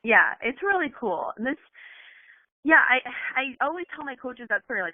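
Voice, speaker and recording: A woman's voice: high voice, expressive, no echo. A woman giving an earnest motivational talk on a team call, chatty and full of "like". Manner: earnest, fast, peppered with "like". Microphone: phone on a conference call. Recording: tinny phone line, dry.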